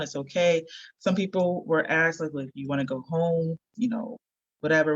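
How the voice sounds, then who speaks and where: A podcast guest telling a personal story in a reflective, halting way. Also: medium pitch, fairly bright tone, dry recording, lo-fi sound. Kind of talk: casual storytelling.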